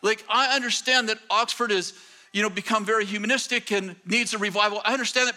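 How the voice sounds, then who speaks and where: Bright-voiced man preaching, full of restarts. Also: high voice. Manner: animated, self-deprecating, halting with many restarts. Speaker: pastor. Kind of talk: sermon storytelling.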